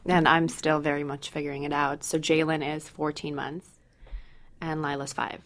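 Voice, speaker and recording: A woman in her thirties hosting a parenting podcast, telling family stories in a lively casual way. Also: low-pitched, moderate pace. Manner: lively storyteller, acts out quotes. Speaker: podcast host. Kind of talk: casual chat.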